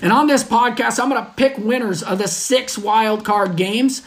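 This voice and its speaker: A man's voice: high voice, moderate pace. A man hosting his own sports podcast, talking in a brash, trash-talking fan manner. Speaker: podcast host. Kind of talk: solo sports podcast monologue.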